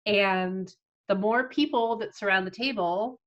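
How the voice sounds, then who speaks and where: A woman guest telling a story in a casual chat, lively and acting out what people said. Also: medium pitch, a little slow, highs cut off. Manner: lively, acts out quoted people, frequent "like" fillers.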